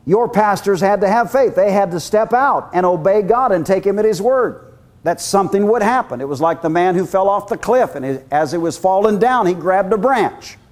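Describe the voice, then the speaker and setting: A man preaching a sermon, telling stories in an animated way and acting out the voices. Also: sits high, moderate pace. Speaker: guest preacher.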